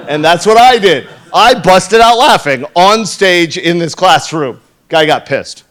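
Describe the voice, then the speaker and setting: A man's voice: sits high, lively intonation, measured pace, few pauses, a bit bright. A man in his fifties giving a conference talk from a stage, blunt, profane and joking. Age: 50s. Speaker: conference speaker.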